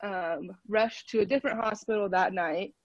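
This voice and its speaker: A woman's voice: mid-range voice, moderate pace, no room sound, lo-fi sound. A woman guest on a podcast, chatting casually and laughing often as she tells a story over a call. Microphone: phone call.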